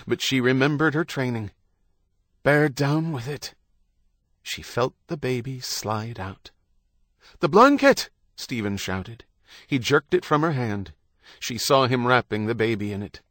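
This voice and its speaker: A man with a medium-pitched voice narrates a novel for an audiobook, his storytelling measured and even. The scripted recording is studio quality, with no room sound.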